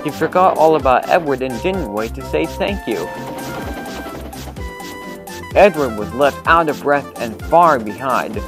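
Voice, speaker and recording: A man's voice: medium pitch, animated, a little slow, pauses often. Man narrating a storybook over music. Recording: background music.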